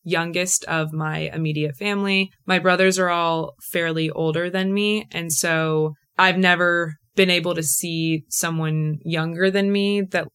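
A woman's voice: fairly low pitch, fairly bright tone, smooth. A young woman hosting a podcast, telling a personal story in a chatty, emotional way full of "like" fillers. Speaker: podcast host. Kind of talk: casual solo storytelling.

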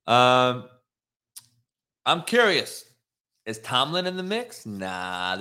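Guy hosting a sports stream, bright sharp voice, cussing a lot and going off at his chat. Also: on the low side. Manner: profane, fired-up, talks straight to the chat. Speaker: sports talk show host. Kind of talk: casual livestream sports rant.

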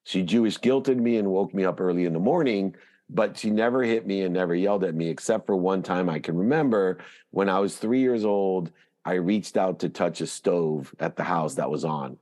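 A man guest on a podcast, telling a personal story in an animated, emphatic way. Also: low voice, normal speed. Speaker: guest, motivational speaker.

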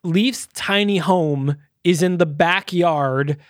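A man's voice: on the high side, slow pace, dry recording, studio quality. A man co-hosting a podcast, casually reviewing a movie and retelling its scenes with lots of uh and um fillers. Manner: loose retelling full of uh and um fillers. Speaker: podcast co-host.

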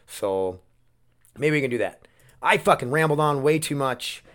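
A man's voice: medium pitch, animated, moderate pace, a bit bright. A man hosting his own solo podcast, talking casually in a rambling, candid way and swearing often, close on the mic. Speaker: podcast host.

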